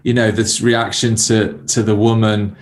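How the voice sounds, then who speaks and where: A man's voice: fairly low pitch, flat delivery, unhurried. A man hosting a faith interview, affirming his guest and reflecting on what was said. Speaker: interview host.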